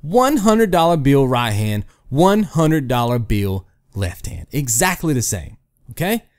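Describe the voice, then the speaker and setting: A man's voice: medium pitch, measured pace. A man hosting a gaming channel, ranting to camera in a casual way, telling hypothetical stories and often asking "right?". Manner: animated, rhetorical, keeps asking "right?"; storytelling with hypotheticals. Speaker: gaming video host.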